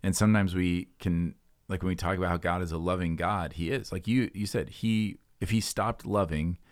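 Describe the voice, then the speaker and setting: Deep-voiced man, earnest podcast talk. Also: steady tone, moderate pace, no room sound. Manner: earnest, searching, many fillers. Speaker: podcast co-host. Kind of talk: casual Bible discussion.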